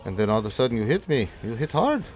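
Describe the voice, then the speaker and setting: A man's voice: mid-range voice, big pitch swings, quick pace, faint music behind, natural voice. Man doing a fussy motherly old aunt. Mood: flustered. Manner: flustered, then soft and soothing.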